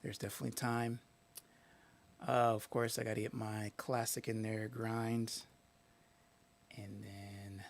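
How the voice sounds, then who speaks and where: Male streamer, low gravelly voice, casual, mutters words under his breath while thinking. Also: flat delivery, measured pace, long pauses, slight background noise. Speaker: live-stream host. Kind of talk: casual live-stream talk.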